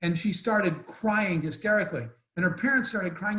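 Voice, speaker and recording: Earnest high-voiced man telling a story. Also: normal speed, a bit bright, echoey room, low-quality recording. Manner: earnest, emotional, rambling with restarts. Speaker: guest speaker. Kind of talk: storytelling answer in an online Q&A. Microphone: video call.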